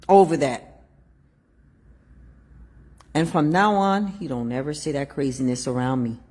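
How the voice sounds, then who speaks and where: A woman with a Haitian accent, telling a personal story in casual chat, laughing often and swinging from loud to hushed. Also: deep voice. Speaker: show host.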